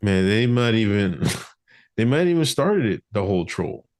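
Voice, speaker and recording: A man co-hosting a casual podcast chat, animated and laughing often. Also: moderate pace. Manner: animated, laughing often, lively swings in pitch. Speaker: podcast co-host.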